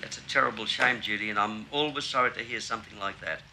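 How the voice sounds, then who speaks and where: An actor playing a late-night radio talk host, who speaks to a caller in a soothing, upbeat, coaxing way. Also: male voice, lowish voice, fast, bright, forceful tone, a little hiss or hum, rough recording. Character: cheerful radio host, earnest and reassuring. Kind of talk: film drama acting.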